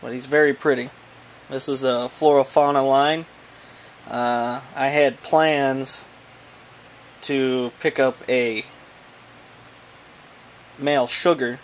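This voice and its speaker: Guy unboxing stuff, kinda stammery and rambly, mid pitch, faint hum behind. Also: steady tone, slow pace, long pauses, low-quality recording. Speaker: snake breeder vlogger. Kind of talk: casual unboxing chat.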